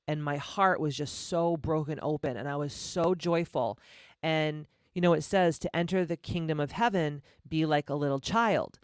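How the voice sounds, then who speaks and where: In a dry, studio-quality recording, a woman in her forties speaks in a low voice while hosting her own podcast. Her personal monologue is candid and emphatic, and she swears freely.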